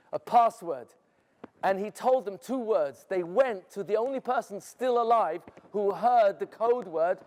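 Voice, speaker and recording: Man, very high voice, dramatic first-person storytelling, theatrical, asks the audience questions, echoey hall. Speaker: educator.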